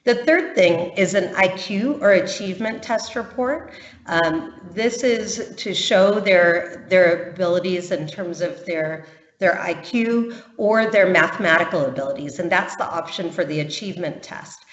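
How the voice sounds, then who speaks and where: A woman presenting camp admissions in a webinar, patient and reassuring, pausing often on ums. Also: fairly low pitch. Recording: muffled, roomy webinar audio.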